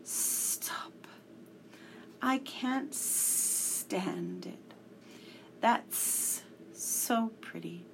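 A woman's voice: a little high, very animated, extremely slow, gravelly, slight background noise, exaggerated voice, poor audio. A woman voicing a weepy, overly emotional male cat musician in whispered role-play, pleading and sobbing.

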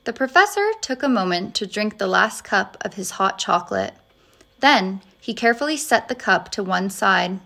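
A woman narrating a storybook aloud in a measured, expressive way. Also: mid-range voice, gravelly.

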